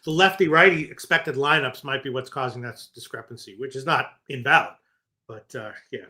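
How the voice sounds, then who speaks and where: Bright-voiced man co-hosting, hesitant. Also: medium pitch, a little fast. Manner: hesitant, full of fillers, swears casually. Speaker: sports betting co-host. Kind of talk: casual sports betting talk.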